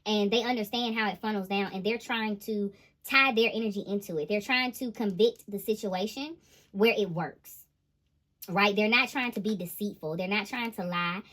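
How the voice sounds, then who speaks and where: A woman giving a casual tarot reading to her viewers, animated and exclaiming as she goes. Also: medium pitch, moderate pace. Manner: animated, laughing, exclaiming "ooh, child". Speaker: intuitive tarot reader.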